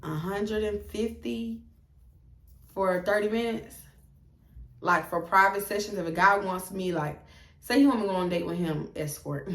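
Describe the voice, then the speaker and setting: A woman's voice: fairly low pitch, reverberant. A young woman, telling a blunt, profane story to camera and acting out both sides of the dialogue. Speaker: storytime vlogger.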